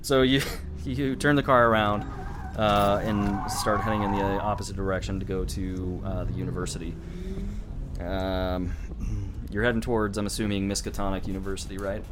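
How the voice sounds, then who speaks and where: A man's voice: on the low side, little pitch movement, normal speed, background noise. A man narrating a tabletop horror game as game master, rambling loosely with lots of fillers.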